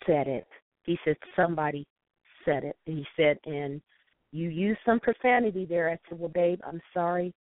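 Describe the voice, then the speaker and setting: Calling a phone-in talk show from St. Louis, USA, this woman speaks in a lowish voice with a steady tone and moderate pace. She passionately recounts a story, quoting what people said, over a tinny, dry line with no echo.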